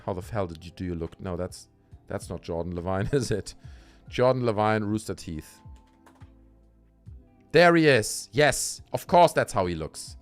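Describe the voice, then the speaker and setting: A man ranting sarcastically on a livestream, swearing often and sinking into low angry mutters. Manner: sarcastic, profane, frequently dropping into low mutters. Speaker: streamer.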